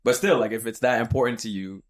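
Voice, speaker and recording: A young man hosting a podcast, telling a story in casual chat, animated and swearing, acting out what people said. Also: medium pitch, fast. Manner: animated, swearing, acts out quotes. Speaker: podcast host.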